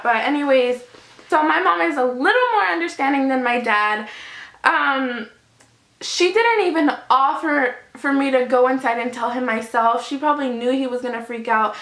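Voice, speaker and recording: A woman's voice: high-pitched, a bit bright. A teenage girl telling a personal story on her vlog, chatty, with many "like"s. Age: teens. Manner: chatty, lots of "like", emotional retelling. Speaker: vlogger. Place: home room in natural evening light. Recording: echoey room.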